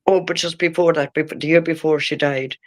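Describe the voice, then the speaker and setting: A woman in her sixties with an Irish accent, giving halting, emotional personal testimony in an interview and often breaking off and restarting. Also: low-pitched, fairly even intonation. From Ireland. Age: 60s.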